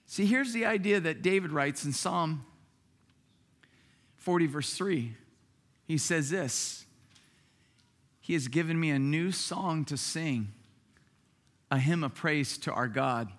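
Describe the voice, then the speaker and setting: High, bright-voiced man preaching a sermon. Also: measured pace. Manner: lively, conversational preaching with bursts of shouting. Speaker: pastor.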